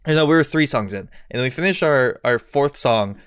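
A young man with a smooth, resonant voice tells a rowdy story in casual podcast chat. He swears freely and laughs often, recorded dry and close. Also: mid-range voice, lively intonation, brisk, fairly bright tone, no room sound. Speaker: podcast guest, musician.

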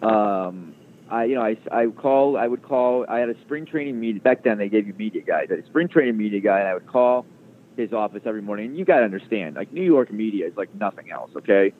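A man's voice: fairly low pitch, lively intonation, fast talker, slight background noise. A man guest telling a long story in a casual interview, rambling with many fillers and restarts. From Chicago area. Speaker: guest, sports radio producer. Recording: tinny phone-like line.

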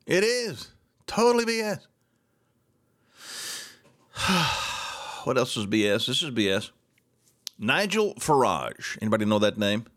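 A man's voice: lowish voice, very animated, takes it slowly, pauses often, a bit bright. A middle-aged man hosting a solo talk show, ranting with sarcastic indignation.

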